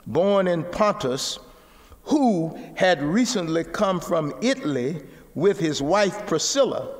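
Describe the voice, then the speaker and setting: A man preaching a sermon, repeating words and rising to shouts. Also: a little high, very animated, takes it slowly, big-room sound. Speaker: pastor.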